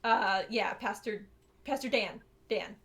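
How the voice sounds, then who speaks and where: A woman's voice: mid-range voice, slow, fairly bright tone. A young woman co-hosting a podcast, telling a story in casual chat, swearing freely, laughing often and acting out the voices she quotes. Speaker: podcast co-host.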